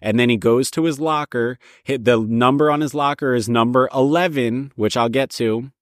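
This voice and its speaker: A man's voice: medium pitch, normal speed, no room sound, clean studio sound. A man hosting a show, talking in a casual monologue that rambles and repeats points with frequent restarts. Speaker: show host.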